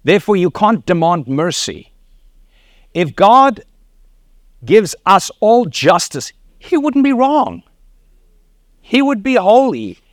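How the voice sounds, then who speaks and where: A man's voice: high-pitched, sing-song, takes it slowly, pauses often, dry recording, clean studio sound. A middle-aged man with a South African accent preaching a sermon, telling stories with laughs and acted quotes. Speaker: pastor.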